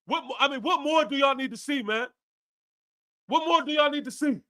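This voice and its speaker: A man's voice: very high-pitched, normal speed, pushed and bright. A man hosting a live fan stream, ranting after a game with profanity and lots of repetition. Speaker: fan podcast host.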